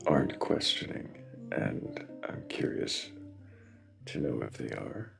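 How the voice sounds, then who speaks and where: A man hosting a live stream in casual chat, halting and repeating words as he greets viewers. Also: very deep voice, creaky, music in the background. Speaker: livestream host.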